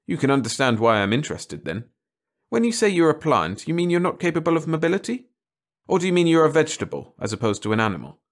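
A man doing a gentle, probing army doctor. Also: a little high, fast, pitched above the performer's own voice. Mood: gently probing. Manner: calm, gently probing questions. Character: gentle middle-aged male army doctor.

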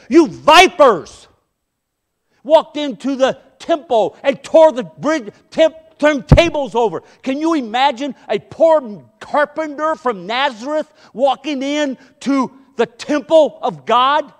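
A middle-aged man delivers a sermon from the pulpit with a strikingly high voice. He preaches with passion, pushing hard on key points and then pulling back into hushed asides. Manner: impassioned, swinging between loud emphasis and hushed asides. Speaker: pastor.

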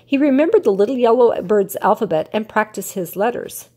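An older woman reads a children's picture book aloud, her voice rising and falling with lively storytelling expression. There is a soft, slightly husky breathiness to her tone. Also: on the high side, a little fast. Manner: warm, expressive storytelling cadence.

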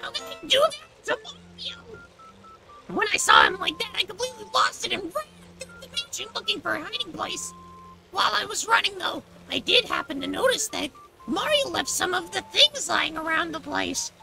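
A man voicing a frightened little mushroom-man helper in a video game, squeaky, fretful and excitable. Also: moderate pace, gravelly, over music, heavily acted, poor audio. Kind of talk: reading game dialogue aloud.

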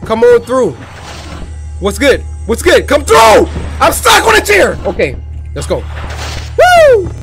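A man giving hyped, trash-talking let's-play commentary on horror games, shouting catchphrases, with game music behind him. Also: high-pitched. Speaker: gaming YouTuber. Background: game music and sound effects.

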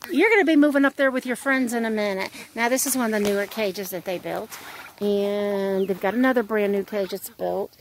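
A woman's voice: medium pitch, a little fast, slight background noise. A woman giving a casual walk-and-talk tour of her homestead, chatting to her animals. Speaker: homesteading vlogger. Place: outdoors on a homestead with poultry.

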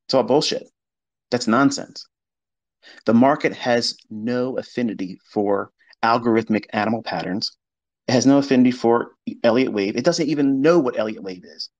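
Guy ranting about markets on a live audio chat, blunt, swears a lot, middle pitched. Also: normal speed, muffled recording. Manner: blunt and profane, mocking the doubters he quotes. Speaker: trading educator hosting an audio space. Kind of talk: casual monologue.

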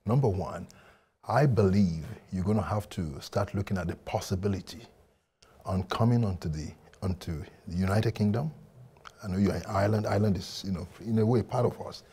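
A male interviewer in a TV studio with a somewhat low, husky voice. He asks questions and responds with warm encouragement. His talk is measured and conversational. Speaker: TV interview host.

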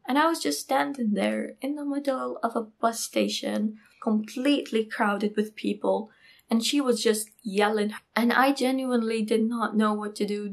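Young woman telling an animated story. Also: fairly high pitch, normal speed, creaky. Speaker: architecture YouTuber. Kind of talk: storytime vlog.

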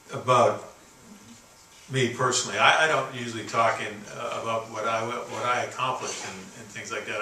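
Sixties man from Canada, keynote storyteller, low-ish bright voice, heard distant in a roomy hall. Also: slight background noise. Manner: folksy, halting, many fillers and restarts. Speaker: keynote speaker. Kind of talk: storytelling speech. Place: conference hall. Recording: roomy, distant venue recording with faint ambience.

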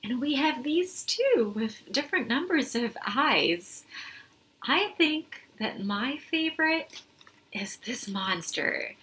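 A young woman, a music therapist, gently encouraging young children through a music lesson and singing along. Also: high-pitched, very animated, slow pace. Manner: sings along with guitar.

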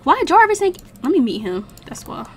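A young woman chatting casually as she streams a life-sim game, talking to her viewers and the characters with slangy, animated exclamations. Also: high-pitched, moderate pace. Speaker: gaming streamer. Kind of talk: casual let's-play commentary.

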